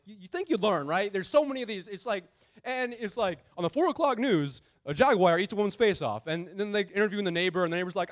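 A man's voice: high-pitched, lively intonation, fast. A male pastor preaching a sermon in a conversational way, repeating key phrases for emphasis.

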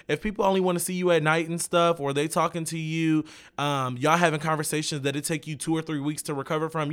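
A man's voice: fairly high pitch, fairly bright tone, smooth. A young man talking straight to his viewers in a casual vlog, rambling with lots of "like" and "um". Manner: casual, meandering, filler-heavy with likes and ums. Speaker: vlogger.

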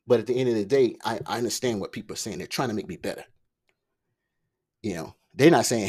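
Solo podcast host, male, slightly low voice, fast and loose, slang and fillers throughout. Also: darkish tone, slightly rough. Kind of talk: casual solo podcast monologue. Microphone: podcast microphone.

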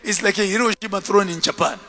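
A man preaching a sermon as a bishop, telling stories in an animated way and acting out the scenes. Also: high voice, fast, long reverb tail.

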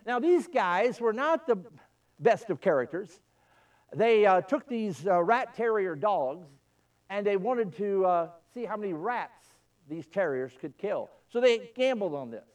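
A fervent male pastor preaches in a church, his fairly high voice rising and falling dramatically. He is caught from some distance, so the sound feels a little far off. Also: expressive, unhurried. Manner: storytelling, fervent. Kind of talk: sermon.

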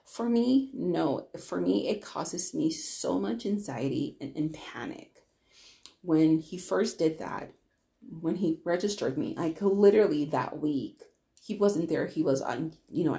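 A woman's voice: deep voice, vocal fry, warm tone. A woman hosting her own podcast, telling a personal story in a candid, rambling way with many restarts. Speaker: podcast host.

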